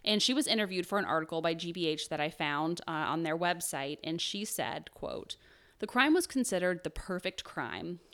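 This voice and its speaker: A young woman hosting a podcast, telling a true crime story in casual chat, with many fillers. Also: fairly low pitch. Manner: chatty, lots of fillers and "like". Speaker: podcast host.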